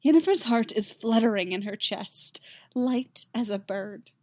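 A woman's voice: fairly high pitch, unhurried, no echo. Woman reading a romance aloud, dry sound. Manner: expressive, intimate storytelling. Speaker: reader of fan fiction. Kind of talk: audiobook narration.

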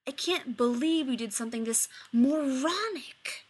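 Brief: woman voicing a cranky genius man, loud and snappy, a little higher than her own reading voice. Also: expressive, a little slow, breathy edge, heavily acted. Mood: furious. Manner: exasperated, loud outbursts. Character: irritable fast-talking male scientist, sharp-tongued.

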